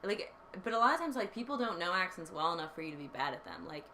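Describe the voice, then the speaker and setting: A young woman hosting a casual chat, playful and quick to laugh, full of fillers. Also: on the low side, sing-song, pushed and bright, slight background noise. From born in Texas. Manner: giggly, many fillers, playful. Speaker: podcast host.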